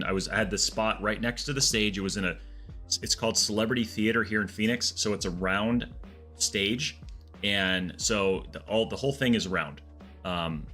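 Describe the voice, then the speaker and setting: Male streamer, lowish voice, bright tone, casual rambling anecdotes, faint game music behind. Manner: rambling, animated anecdotes with frequent restarts. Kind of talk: casual storytelling chat.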